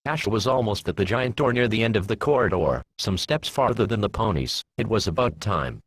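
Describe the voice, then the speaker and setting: A man narrating a fan fiction story in a plain, steady reading voice. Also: on the low side, fairly quick, few pauses, breathy edge, dry recording.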